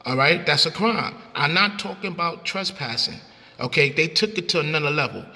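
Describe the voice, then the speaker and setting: A man hosting a heated talk debate, his voice bright and on the high side. He is insistent, leaning on "bro" and "you see" to hold the floor. There is a long reverb trailing behind his words. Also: animated, fairly quick. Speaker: host.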